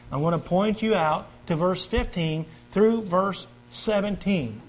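A man preaching a sermon, reading scripture aloud and swinging from forceful stresses to quiet, earnest stretches. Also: unhurried, few pauses, slight background noise, rough recording. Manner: emphatic, swings between loud stresses and quiet earnest lows; reads scripture aloud and invites the congregation to turn pages.

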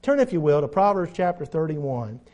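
A male preacher delivering a sermon, reading scripture and speaking emphatically, with his voice swelling and dropping in loudness. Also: fairly high pitch, sing-song, a little fast, highs cut off.

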